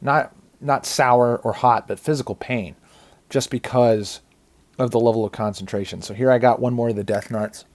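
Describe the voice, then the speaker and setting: This man's voice sits in the mid-range, a little mellow, with fairly even intonation at normal speed. Talking casually over his own video, he curses a lot. The chili heat pains him, so he groans, hums and sighs along the way.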